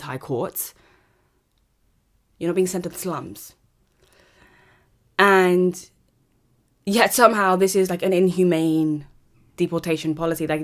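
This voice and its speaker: Sarcastic ranting woman. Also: low voice. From Britain. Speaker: podcast host. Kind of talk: opinionated monologue.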